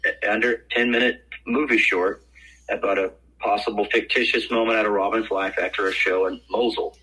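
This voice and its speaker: An older man talks on a podcast with a forceful, bright, somewhat rough voice. He tells his stories with energy and slips into the voices of the people he quotes. The sound is a little thin, as if heard over a phone. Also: fairly low pitch, brisk, low-quality recording. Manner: animated storyteller, acts out quoted voices. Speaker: actor guest. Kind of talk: casual podcast interview storytelling.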